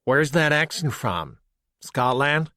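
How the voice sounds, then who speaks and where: A man's voice: medium pitch, very animated, slow pace, bright, forceful tone, no room sound, clean studio sound, voice pushed up, full character voice. A man voicing a smug young male motel clerk who talks down with a grin. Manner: condescending, grinning.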